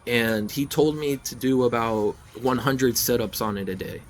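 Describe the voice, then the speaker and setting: A man's voice: mid-range voice, moderate pace, slight background noise. A man casually telling his own story outdoors, rambling and repeating key phrases over and over. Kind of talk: casual first-person storytelling.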